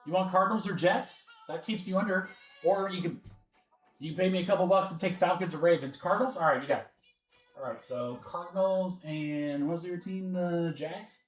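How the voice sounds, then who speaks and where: A chatty man with a fairly high voice runs a live card break, rattling off names and teams in a casual patter. His voice bounces around an echoey room, with faint music playing underneath. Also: moderate pace. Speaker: sports card break host. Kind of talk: casual livestream chat. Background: faint background music.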